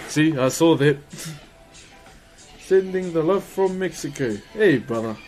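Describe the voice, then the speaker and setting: A man's voice: fairly high pitch, expressive, slow, darkish tone, faint music behind. A man chatting casually on a live stream while woodcarving, laughing often and greeting viewers. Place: carving workshop.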